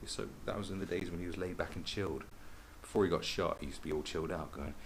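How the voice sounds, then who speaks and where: Deep gravelly man, rambling. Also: fairly even intonation, fast talker, few pauses, slight background noise, poor audio. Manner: rambling, sweary storytelling. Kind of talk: casual monologue.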